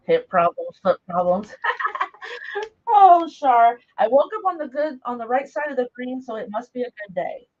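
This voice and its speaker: A middle-aged woman hosting a live craft stream, chatting casually and rambling as she works, greeting viewers by name, recorded through a camera mic as she moves around a table in a home craft room. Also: medium pitch. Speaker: craft livestream host. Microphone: camera mic while moving around a table. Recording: dull lo-fi live stream audio.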